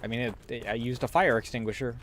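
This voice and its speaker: A man's voice: medium pitch, steady tone, fast, a bit bright, slight background noise. A man giving casual, wry gameplay commentary, muttering to himself as he plays. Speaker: gamer streamer.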